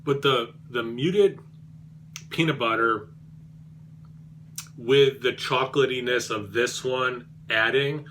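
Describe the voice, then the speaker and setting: Beer vlog guy, bright voice, rambly and self-deprecating, lots of ums, faint hum behind. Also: medium pitch, takes it slowly, pauses often. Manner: rambling, self-deprecating, many fillers and restarts. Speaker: beer reviewer. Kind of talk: casual beer review vlog.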